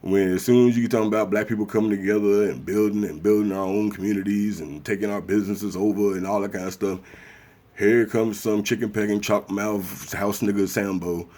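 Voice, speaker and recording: A man's voice: fairly even intonation, fairly quick, mellow. A man, talking bluntly and profanely in a casual ranting monologue. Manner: blunt, profane, acts out others in high mocking voices. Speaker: commentary vlogger.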